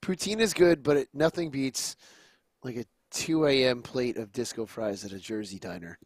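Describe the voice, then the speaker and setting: A man's voice: mid-range voice, normal speed, dry recording. A man co-hosting a sports podcast, making wry, opinionated remarks in casual chat. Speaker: podcast co-host.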